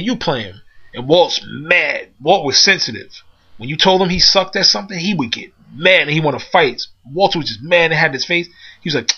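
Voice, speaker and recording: Man storyteller, slangy and animated with quoted voices, bright tone, muffled lo-fi recording. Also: a little high, breathy edge. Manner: loose street slang, acts out friends' lines in quick voices. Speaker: storyteller recounting arcade days. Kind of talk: casual storytelling monologue.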